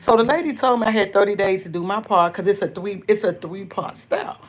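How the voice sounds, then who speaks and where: A chatty woman hosts a casual live stream at a middling pitch. She greets viewers one by one and reads their comments aloud. Her stories ramble, full of restarts and asides. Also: brisk. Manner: rambling storytelling with many restarts.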